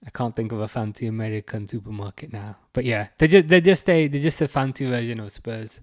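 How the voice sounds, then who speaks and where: A man's voice: mid-range voice, brisk. Chatty English man streaming football. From England. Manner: chatty, reads chat messages aloud, teasing. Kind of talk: casual live-stream chat.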